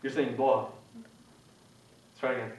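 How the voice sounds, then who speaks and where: A man's voice: mid-range voice, level tone, slow, darkish tone. A young man teaching a university class on pronunciation, patient and informal, modeling sounds over and over for students. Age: young adult. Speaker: Quran recitation teacher. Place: university meeting room. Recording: echoey room, distant muffled mic.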